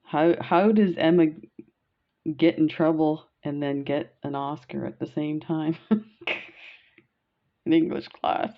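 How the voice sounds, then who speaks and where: A woman from Canada rambles through her stories as she beads and laughs easily. She speaks slowly, and her voice has a gravelly fry. The recording sounds dull and lo-fi. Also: low-pitched, steady tone. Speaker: beading vlogger. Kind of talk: casual storytelling while beading.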